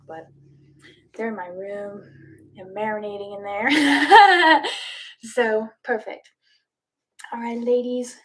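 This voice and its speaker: Giggly, chatty woman yoga teacher, higher voice. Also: fairly bright tone. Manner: chatty, giggly, talks to her cats. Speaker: yoga instructor. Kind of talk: casual chat before a live online class.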